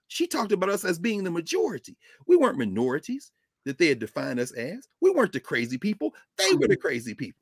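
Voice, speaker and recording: Animated male professor, high voice, husky edge, fiery lecturing. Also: moderate pace, dry recording. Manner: emphatic, preacher-like rhetorical questions. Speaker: professor and regular guest commentator. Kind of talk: impassioned lecture.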